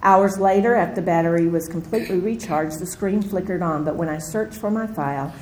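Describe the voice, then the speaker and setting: Animated woman teaching a Bible study. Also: lowish voice, a little fast, slight background noise, rough recording. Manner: animated storytelling, acts out her own panic. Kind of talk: Bible study lecture with personal stories.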